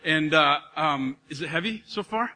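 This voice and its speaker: In a church auditorium with a long reverb tail, a pastor with a fairly high voice preaches at a moderate pace. He is energetic and conversational, keeping things casual and joking with his congregation.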